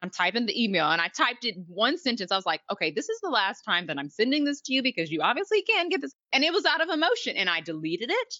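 A woman's voice: fairly high pitch, sing-song, fast talker, few pauses, pushed and bright, dry recording. A woman leadership coach and author, explaining her methods earnestly as a guest, with self-deprecating asides. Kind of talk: interview guest. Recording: dry, dull lo-fi sound.

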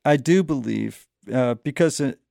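Gravelly animated male interview host. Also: mid-range voice, unhurried, dry recording, clean studio sound. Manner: animated storyteller, laughs often. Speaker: podcast host. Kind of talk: casual conversational interview.

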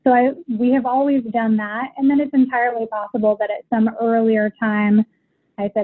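A woman's voice: fairly high pitch, steady tone, fairly quick. A mother calling in to a parenting show, explaining things thoughtfully and at length. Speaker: caller, military mother. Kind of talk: casual consultation call. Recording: tinny phone line.

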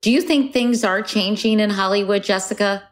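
A woman's voice: medium pitch, normal speed. A woman hosting an interview, asking direct questions with enthusiasm. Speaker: interviewer host. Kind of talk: casual interview.

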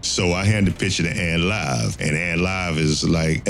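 Deep-voiced man telling animated stories. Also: unhurried, a little hiss or hum. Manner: animated storyteller who laughs a lot. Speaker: rapper and interviewee. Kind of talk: casual storytelling interview.

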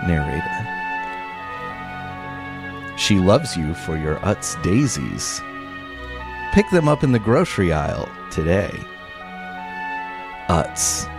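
A man reading a mock radio commercial aloud, stage directions and all, in a hushed and dramatic way. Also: low-pitched, sing-song, over music, exaggerated voice. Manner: hushed, dramatic, drawn-out storytelling.

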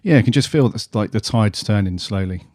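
Man, podcast co-host, casual chat, easygoing, low mellow voice, dry sound. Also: expressive, a little fast, no room sound. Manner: easygoing, laughing, swears casually.

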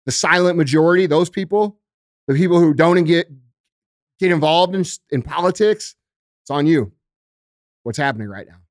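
A man ranting as a podcast guest, profane and forceful. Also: a little high, normal speed, long pauses, no echo, studio quality. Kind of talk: heated podcast rant.

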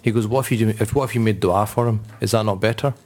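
A man's voice: on the low side, very fast. A man, an Islamic scholar, telling personal anecdotes on a panel and acting out the voices of the people in them. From Britain. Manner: animated, acts out voices in stories. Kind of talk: anecdotal storytelling.

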